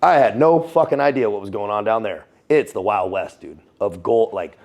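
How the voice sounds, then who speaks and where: An American man in a casual interview, telling military stories in an animated, profane way, laughing often and calling the listener dude. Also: on the low side, moderate pace. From United States. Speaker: guest, former Navy SEAL and Foreign Legionnaire.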